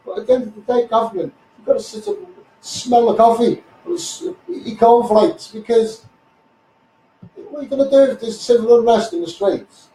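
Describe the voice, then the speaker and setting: Ranting Scouse man, high voice. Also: lively intonation, normal speed, mellow, roomy sound, far from the mic, poor audio. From Liverpool, England. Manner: blunt, combative, repeats "you know what I mean". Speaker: Facebook Live streamer. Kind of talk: ranting live stream monologue.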